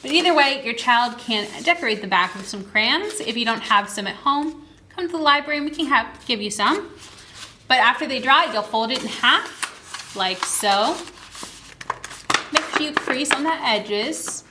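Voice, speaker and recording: A young woman, a children's librarian, explains reading games to parents in a cheerful way, sounding out words slowly and clearly while she demonstrates at a table. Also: high voice, lively intonation, noisy background. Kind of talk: instructional video for parents. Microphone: camera mic.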